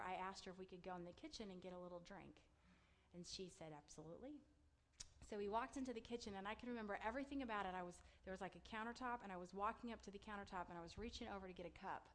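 A woman in her thirties sharing a personal testimony, an animated storyteller who acts out her own excited words. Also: mid-range voice, quick pace.

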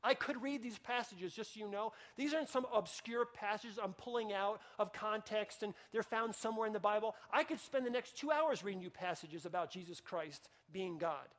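A man with a very high-pitched voice preaches a sermon from the pulpit. He speaks emphatically, often restarting sentences and repeating key phrases for weight. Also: moderate pace, few pauses, a bit bright. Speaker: pastor.

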